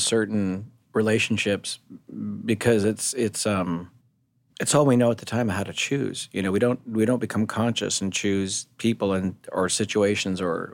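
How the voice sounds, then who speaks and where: A man's voice: lowish voice, no room sound. A man co-hosting a podcast, talking in a reflective, supportive way and backing up his co-host. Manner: reflective, supportive, backs her up with agreeing murmurs. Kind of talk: candid conversational podcast.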